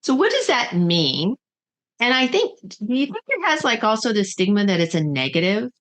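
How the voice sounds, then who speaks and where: A woman's voice: medium pitch, sing-song, moderate pace, fairly bright tone. A woman host asking interview questions in a thoughtful, informal way.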